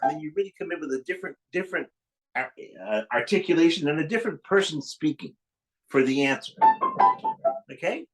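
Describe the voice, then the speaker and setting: A man's voice: a little high, expressive, a little fast, rough recording. A man teaching piano to a young student, encouraging and demonstrating phrases as he goes. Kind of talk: piano masterclass coaching. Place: room with a piano being played. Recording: loud piano over the voice.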